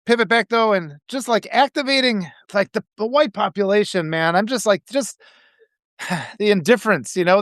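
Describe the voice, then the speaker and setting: A man's voice: high-pitched, fairly bright tone, no room sound. A man hosts a casual live video talk, his stories spilling out in an emotional, meandering stream. The sound is dry and close, with hardly any room around his voice. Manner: emotional, rambling storytelling. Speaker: host.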